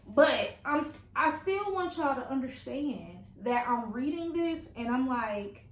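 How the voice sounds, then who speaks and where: A woman's voice: sits high, expressive, unhurried. A young woman, chatting playfully about a book she is reading and reacting with laughter. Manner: playful, laughing, reads passages aloud with reactions. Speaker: book vlogger. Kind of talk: casual reading vlog chat. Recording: echoey room with faint ambient noise.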